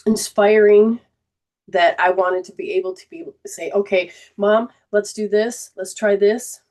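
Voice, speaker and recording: A woman's voice: lowish voice, darkish tone. A middle-aged woman hosting a spiritual healing show, telling a personal story with feeling and choking up as she goes. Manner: emotional, chokes up and laughs through tears while telling a story. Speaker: host.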